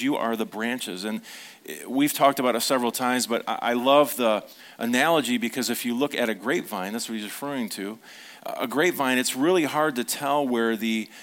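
A man's voice: medium pitch, a bit bright. Conversational male pastor preaching. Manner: conversational preaching, tells family stories, asks the congregation questions. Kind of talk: sermon.

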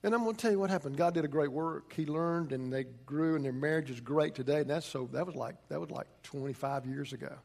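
A man's voice: fairly high pitch, fast, gravelly, few pauses, darkish tone. A man, a pastor preaching a conversational sermon and telling stories with frequent restarts.

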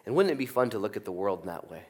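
A middle-aged man preaching a sermon, animated, jumping from loud peaks down to soft asides. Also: fairly low pitch, racing, slightly rough. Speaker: pastor. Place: church sanctuary.

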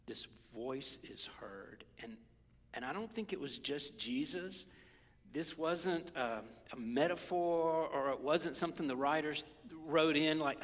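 A man preaching a sermon in a conversational, animated way, sometimes dropping to a whisper. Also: on the high side, unhurried, in a large hall. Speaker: pastor.

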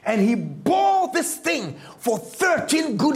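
High-voiced preacher in an echoey room. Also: male voice, big pitch swings, slow pace, gravelly. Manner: dramatic storytelling, swinging from loud to hushed. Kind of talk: sermon.

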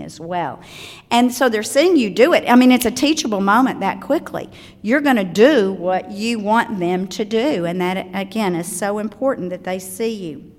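A woman's voice: medium pitch, animated, moderate pace. An older woman with a Southern accent, giving a chatty talk to parents on children's manners and telling stories with asides. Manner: chatty, warm storytelling with asides. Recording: long hall reverb.

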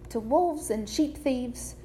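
High-voiced woman preaching slowly. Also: animated, mellow, slight background noise. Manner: measured, deliberate phrasing with repetition. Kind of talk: sermon.

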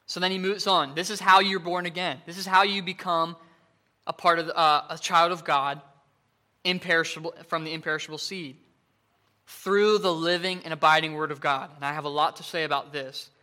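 A man preaching a sermon, earnest, with frequent fillers and restarts, slowing down and lifting his voice to stress the scripture he reads. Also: fairly high pitch, steady tone, pushed and bright.

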